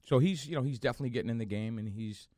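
A middle-aged man, a guest actor chatting in a podcast interview, telling animated stories with frequent restarts and fillers. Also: mid-range voice, very fast, no echo, studio quality. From Boston area.

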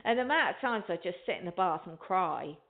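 A woman's voice: on the low side, animated, brisk. A woman hosting a spiritual talk show, chatting in a rambling way and speaking straight to her listeners. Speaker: radio show host. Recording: tinny phone line.

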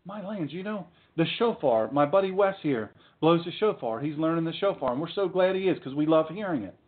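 A man preaches a fiery sermon in a high voice that swings widely in pitch. He drives his points home with emphatic pauses. The recording is thin and tinny. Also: expressive. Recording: tinny phone-like sound.

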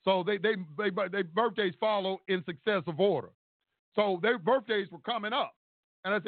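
A man with a fairly high voice tells his story in a casual, animated way, swearing freely as he acts out the people in it. The sound is thin and phone-like. It is also quite dry, with no room echo. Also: normal speed. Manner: animated, profane, acts out courtroom exchanges. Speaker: storyteller recounting court experience.

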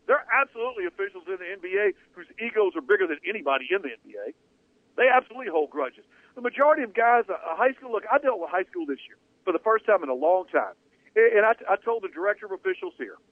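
A man's voice: sits high, no room sound. Opinionated sports radio host, man. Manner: emphatic, opinionated, rambling with restarts. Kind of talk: sports talk radio commentary. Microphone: studio radio mic. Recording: dry phone-like radio audio.

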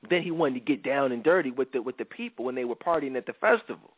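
A man co-hosting a podcast speaks fast at medium pitch, retelling a Bible story casually, full of slang and laughing often in an animated way. The recording has no room sound and a dry, thin, phone-like quality.

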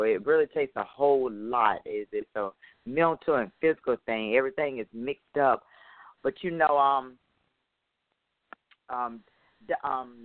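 A man's voice: medium pitch, no echo. A male host in a casual interview, chatty and hesitant, laughing often. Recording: tinny phone line.

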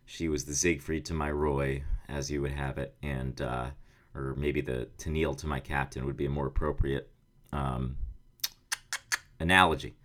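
An American man, roughly around thirty, hosting a podcast in a loose, rambling, self-mocking monologue with casual swearing. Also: extremely low pitch, steady tone, moderate pace, a bit bright. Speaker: podcast host. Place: indoor office studio.

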